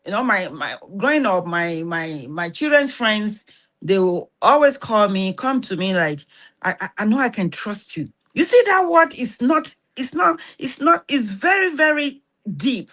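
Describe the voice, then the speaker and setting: A woman's voice: fairly high pitch, very animated, unhurried, a bit bright. Woman host, earnest and urgent, drives points home with repetition. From Nigeria. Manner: urgent and exhorting, with repeated words and restarts. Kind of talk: earnest spoken talk to camera.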